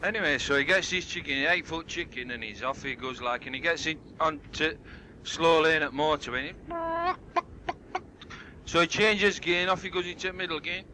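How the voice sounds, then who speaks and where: Bloke telling pub jokes, bright voice, a bit high, hissy old cassette. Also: male voice, expressive, normal speed, poor audio. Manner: rambling, broad dialect storytelling with voiced characters. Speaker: joke teller at a party. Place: home party.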